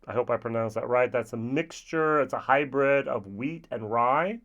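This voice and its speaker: A man's voice: mid-range voice, moderate pace, fairly bright tone, lo-fi sound. Chatty European man reviewing whiskey. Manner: chatty, with playful asides. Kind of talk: casual spoken review.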